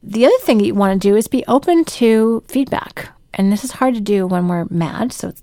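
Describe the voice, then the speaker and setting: A woman talking through workplace advice in an animated way, acting out the voices she quotes. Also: medium pitch, gravelly, no echo, studio quality. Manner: animated, acts out quoted voices, laughs often. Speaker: business speaker giving workplace advice. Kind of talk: advice talk to camera.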